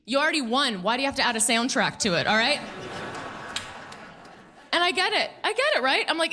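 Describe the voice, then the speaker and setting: A woman's voice: a little high, animated, a little fast, pushed and bright. A woman performing a stand-up comedy set, chatty and sarcastic, often laughing at her own jokes. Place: comedy club stage before a live audience.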